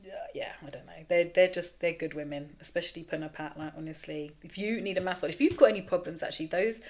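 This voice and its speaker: A woman's voice: on the low side, fast talker. A woman in her thirties hosting a candid solo podcast, rambling frankly and self-deprecatingly, swearing freely. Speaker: podcast host.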